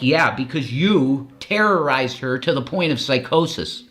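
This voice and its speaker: A man's voice: medium pitch, animated, unhurried, few pauses, fairly bright tone. Man ranting angrily, heavy swearing. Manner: angry, profane ranting. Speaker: co-host of a streaming show. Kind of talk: ranting commentary.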